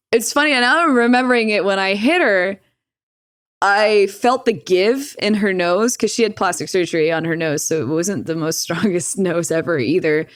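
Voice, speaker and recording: Candid young woman, profane and animated. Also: mid-range voice, dry recording, clean studio sound. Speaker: podcast guest. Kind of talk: casual storytelling.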